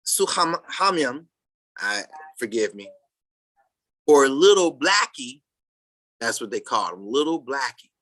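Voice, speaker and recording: Sabbath class teacher, slow and bright, halting delivery with loud bursts of emphasis. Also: mid-range voice. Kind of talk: reading a text aloud and commenting to a class.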